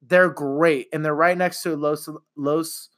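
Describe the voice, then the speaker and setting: A middle-aged man chatting casually on a podcast, animated and quick to laugh, with some swearing. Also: on the high side. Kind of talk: casual chat.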